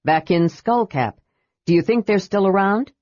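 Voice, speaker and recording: A woman's voice: mid-range voice, moderate pace, darkish tone, no echo, close to an everyday voice. A woman voicing a big, hearty young male warrior in a storybook reading, plain and easygoing. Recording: dull dry recording.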